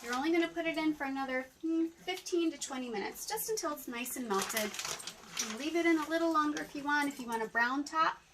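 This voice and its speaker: A woman with a high voice walks viewers through a recipe in her home kitchen, chatty and easygoing. She sits a little back from the mic, and steady background noise runs under her voice. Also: a little fast, far from the mic. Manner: chatty, talks viewers through each step. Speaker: home cooking host. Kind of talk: casual cooking demonstration.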